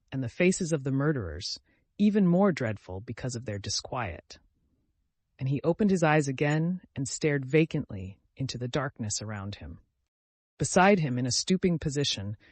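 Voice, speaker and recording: A man narrating an audiobook in a measured, steady storytelling manner, close to the mic. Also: mid-range voice, dry recording. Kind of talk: scripted narration.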